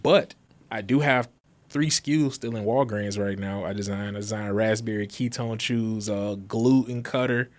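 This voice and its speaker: A man's voice: lowish voice, normal speed. Storytelling man acting out dialogue. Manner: lively storyteller who acts out quoted dialogue. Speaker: guest, graphic designer and business founder. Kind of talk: casual storytelling chat.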